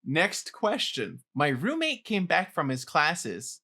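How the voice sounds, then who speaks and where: A man's voice: fairly high pitch, huge pitch swings, slow pace, sharp tone, slightly rough. A young man co-hosting a podcast and running a trivia game, amiable and laughing easily. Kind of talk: casual podcast chat.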